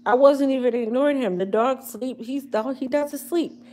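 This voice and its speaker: A woman's voice: sits high, normal speed, warm tone, slight background noise. A woman hosting a casual hair care livestream, joking and using slang as she talks straight to her viewers. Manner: chatty, comedic, slangy, addressing viewers directly.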